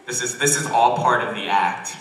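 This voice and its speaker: An awkward young man performs self-deprecating stand-up in a college comedy club, often stumbling and restarting his sentences. His tone is bright and forward, but he sounds far from the mic. The room adds heavy echo, with faint noise underneath. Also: medium pitch, moderate pace. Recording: roomy distant club recording. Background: audience laughter.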